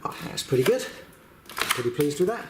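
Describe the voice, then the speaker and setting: A man casually narrating his own bathroom building work, plain and practical, with many pauses and fillers. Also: fairly high pitch, sing-song. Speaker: woodworking vlogger. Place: house under renovation, indoors. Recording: echoey room with noise.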